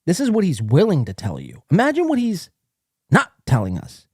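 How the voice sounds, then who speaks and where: A man's voice: sits high, wildly swooping pitch, normal speed, slightly rough, no room sound, clean studio sound. A male podcast host giving casual, profane, mocking commentary while reading out online posts. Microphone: desk mic, acting up.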